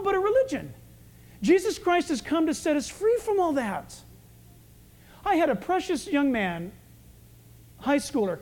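A male pastor preaching a sermon, lively and conversational, acting out the voices of the people in his stories. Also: extremely high pitch. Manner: animated preaching, acts out quoted voices.

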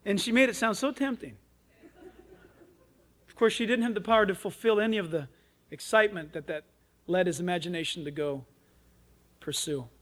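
Animated male pastor with a high voice. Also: moderate pace, long pauses. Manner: animated storytelling, acts out other people's voices. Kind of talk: radio sermon.

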